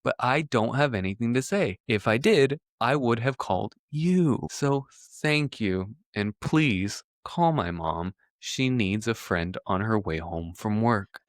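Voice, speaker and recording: A young man co-hosting a podcast, telling lively stories in a relaxed casual conversation. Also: medium pitch, slow pace, no echo, clean studio sound. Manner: lively storyteller, says he prefers listening. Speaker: podcast co-host.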